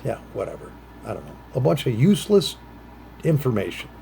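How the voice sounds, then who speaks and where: A middle-aged man chatting casually while smoking a pipe; he rambles, trails off into low mutters, and jumps into bright, higher voices for quoted phrases. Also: wildly swooping pitch, a little fast, vocal fry, a little hiss or hum. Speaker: vlogger.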